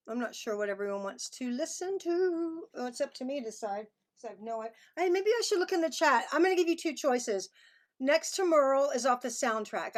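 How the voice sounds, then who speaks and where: Emotional Texan woman reading her memoir. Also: fairly high pitch. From Texas. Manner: reflective, emotional, chatty. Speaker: musician and author. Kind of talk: reading from her memoir and chatting on a video call. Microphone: video call.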